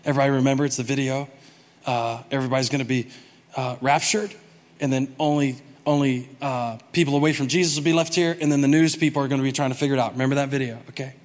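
A man preaching a sermon as pastor, humorous, swinging from soft asides to loud, emphatic bursts. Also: mid-range voice, fairly even intonation, fast, in a large hall.

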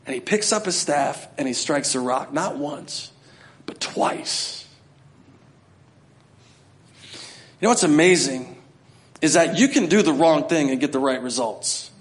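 A man's voice: high-pitched, lively intonation, moderate pace, long pauses. A middle-aged man preaching a sermon to his church, talking conversationally and acting out scenes. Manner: conversational preaching, acts out voices, builds to shouting. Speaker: pastor.

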